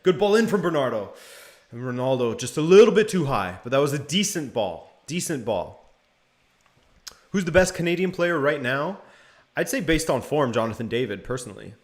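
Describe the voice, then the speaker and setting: A young man with a medium-pitched voice and moderate pace hosts a live stream watching a match along with viewers. He calls the action easily and responds to chat along the way.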